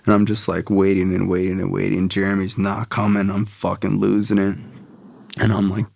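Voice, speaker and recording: A man's voice: low voice, level tone, moderate pace, gravelly, darkish tone. A young man, a podcast guest, telling a blunt, profane story about his past in a casual way.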